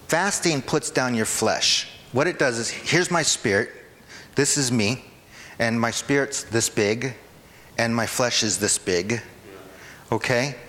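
Casual preaching pastor in a reverberant hall. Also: male voice, mid-range voice, a bit bright. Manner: informal, checks in with the congregation often. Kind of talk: conversational sermon. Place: church hall.

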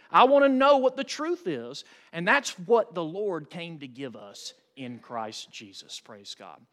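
High-voiced preaching man. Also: fairly bright tone. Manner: preaching with dramatic pauses and rising emphasis. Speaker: pastor. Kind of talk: sermon.

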